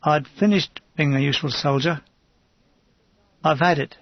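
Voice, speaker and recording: A man reading a war memoir aloud in an understated, measured first-person manner. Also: fairly high pitch, no echo, muffled recording. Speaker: audiobook reader. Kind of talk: audiobook memoir narration.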